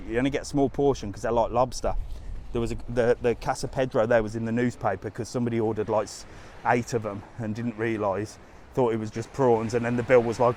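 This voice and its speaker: A man chats bluntly and casually into a handheld phone during a live travel stream. He is outdoors on a seafront walk, and a faint hiss runs under his voice. His pitch sits in a middle range for a man. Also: a little mellow. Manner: chatty, blunt, slangy. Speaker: travel vlogger livestreaming.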